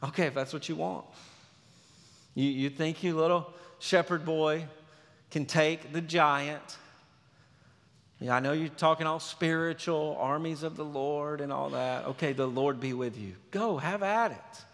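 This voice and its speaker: A man's voice: fairly high pitch, steady tone, measured pace, vocal fry, long pauses, fairly bright tone. A man voicing a weary king who brushes off a boy's boast. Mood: dismissive. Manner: dismissive, shrugging. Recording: reverberant hall.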